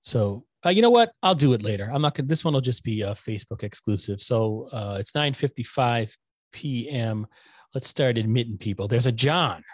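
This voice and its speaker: A middle-aged man hosting a casual livestream from home, rambling and joking at his own expense, a little hoarse from talking. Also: mid-range voice, moderate pace, no echo. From Connecticut. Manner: rambling, self-deprecating, joking. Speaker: host of a nonprofit news livestream. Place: home room lit with LED lights. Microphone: desktop microphone.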